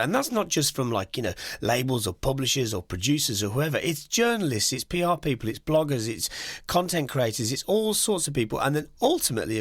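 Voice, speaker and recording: A man's voice: mid-range voice, dry recording, clean studio sound. Upbeat man hosting a podcast. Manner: enthusiastic, conversational, many "you know"s. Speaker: podcast host. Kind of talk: podcast monologue.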